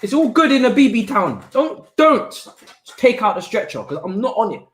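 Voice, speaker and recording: A man's voice: high voice, very animated, normal speed, fairly bright tone. A man hosting a live football watch-along, ranting in exasperated slang. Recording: roomy echo.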